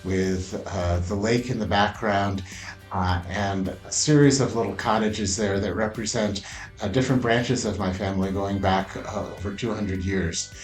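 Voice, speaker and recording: A man telling a personal story, unhurried and pausing often, in a roomy echo over faint music. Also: lowish voice, steady tone. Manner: unhurried with frequent "uh" pauses.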